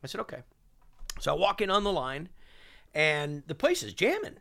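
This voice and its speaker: A man, a chef and TV host, speaking as a guest in an interview and telling stories in a lively way, acting out other people's lines. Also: fairly high pitch, moderate pace, gravelly. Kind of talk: animated storytelling.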